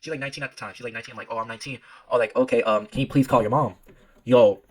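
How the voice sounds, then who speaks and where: Young male vlogger, mid pitch, rapid excitable slang storytelling. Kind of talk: casual storytime vlog.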